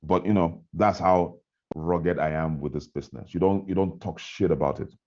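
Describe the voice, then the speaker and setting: A man's voice: sits low, fairly even intonation, moderate pace, a little mellow, highs cut off. A man on a video call, giving a fiery, repetitive motivational talk to his team about his business. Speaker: network marketing trainer.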